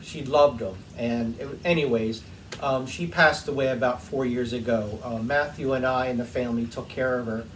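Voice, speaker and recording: A man's voice: medium pitch, fairly even intonation, normal speed, fairly bright tone. A man hosting his own workshop channel, telling a heartfelt, rambling story full of ums while he cleans something. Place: home workshop. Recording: distant mic with faint room noise.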